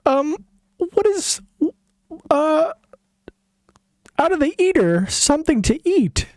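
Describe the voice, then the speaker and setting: Brief: showy swaggering strongman, played by a man, pitched high, slow and grand. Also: big pitch swings, darkish tone, dry recording, full character voice. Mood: grandiose. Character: swaggering strongman posing a riddle.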